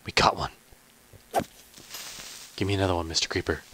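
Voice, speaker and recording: A man's voice: deep voice, a little fast, sharp tone, slight background noise. A man hosting a gaming channel, giving chatty, self-deprecating let's play commentary, talking to himself with muttered asides and stumbling restarts.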